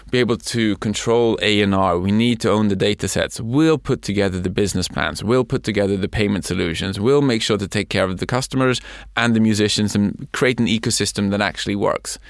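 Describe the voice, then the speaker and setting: Gravelly man telling a business story. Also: on the low side, no echo, studio quality. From Sweden. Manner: measured, explanatory, builds points in lists. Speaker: company CEO and co-founder, guest. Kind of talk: conversational storytelling interview.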